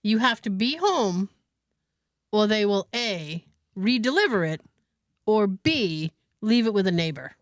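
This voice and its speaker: A woman podcast host telling an animated story in casual chat, laughing often. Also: mid-range voice, a little slow, no room sound, clean studio sound.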